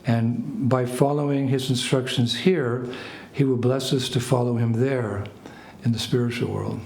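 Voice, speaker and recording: A man's voice: medium pitch, a little slow, vocal fry. An older American man telling a story with energy, laughing and acting out bits of dialogue. His voice sits in a middle register. The room sounds echoey, with a faint hum of ambient noise behind him. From United States. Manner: animated anecdotes, laughs, acts out French phrases. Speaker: spiritual teacher. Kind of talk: storytelling talk to a small group.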